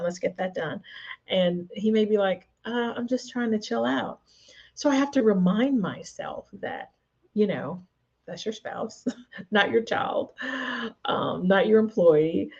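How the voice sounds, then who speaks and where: A woman host speaks to camera with a mellow, slightly husky voice. She coaches her viewers in an easy, conversational way. The sound is a little dull and lo-fi, like a livestream. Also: mid-range voice. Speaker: host and personal development coach. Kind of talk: motivational talk to camera.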